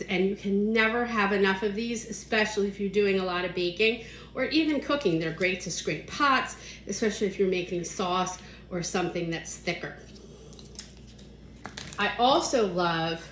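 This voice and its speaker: A woman's voice: mid-range voice, moderate pace, a bit bright, reverberant, a little hiss or hum. A woman hosting a casual vlog, chatting enthusiastically as she shows off kitchen products. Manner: chatty, enthusiastic, counts points off as she goes. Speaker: host demonstrating kitchen products.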